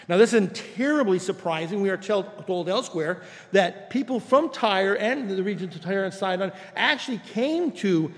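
High-voiced man preaching in a reverberant sanctuary. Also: animated, normal speed, few pauses. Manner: expository preaching, conversational with quoted scripture. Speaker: pastor. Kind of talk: sermon. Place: church sanctuary.

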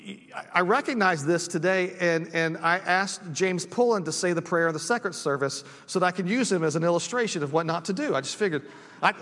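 A man's voice: sits high, fairly bright tone, in a large hall. A male pastor preaching a conversational sermon, with frequent restarts and friendly asides. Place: church sanctuary.

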